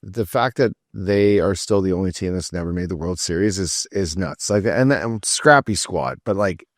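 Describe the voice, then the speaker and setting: A man's voice: low voice, moderate pace, no room sound, studio quality. A man, a podcast co-host, talking in a laid-back, matter-of-fact way during casual chat.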